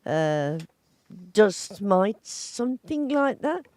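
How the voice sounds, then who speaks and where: A woman's voice: mid-range voice, very animated, drawn-out words, darkish tone, no echo. A woman chatting casually as a co-host, hesitant and plain-spoken. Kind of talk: casual chat.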